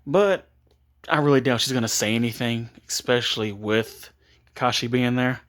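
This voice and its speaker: A man's voice: mid-range voice, normal speed, a bit bright. A man casually making up and retelling a story, rambling with frequent restarts and chuckles.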